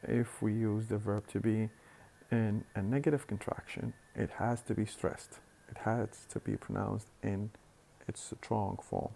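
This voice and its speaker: A man lecturing on phonetics, explaining slowly and deliberately with hesitant fillers and repeated words. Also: on the low side, little pitch movement, creaky, mellow. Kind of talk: recorded university lecture.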